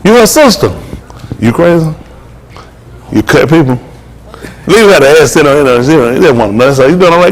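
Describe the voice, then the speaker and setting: A man's voice: fairly high pitch, lively intonation, brisk, long pauses. An older man filming at a wedding with a handheld phone, teasing the guests and chatting with them in playful, casual banter. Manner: playful, teasing, Southern Black vernacular speech. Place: wedding venue, indoors among guests.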